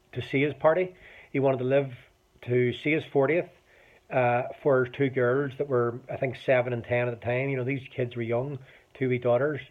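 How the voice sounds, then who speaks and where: Man in his forties, Northern Irish accent, rambling casual monologue, swears freely, tinny phone-like sound. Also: mid-range voice. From Northern Ireland. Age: 40s. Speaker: vlogger.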